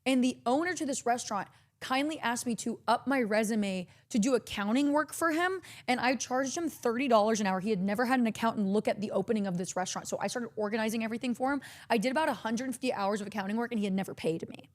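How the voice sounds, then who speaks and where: A woman's voice: on the high side, quick pace. Profane woman telling a story. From Texas. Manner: breathless, profane, animated storytelling. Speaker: streamer. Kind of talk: story time chat.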